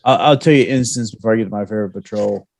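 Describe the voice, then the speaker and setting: A man co-hosting a veterans' podcast, telling old army stories in a casual, animated way. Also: lowish voice, very fast, gravelly. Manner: storytelling, animated, with laughs. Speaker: podcast co-host.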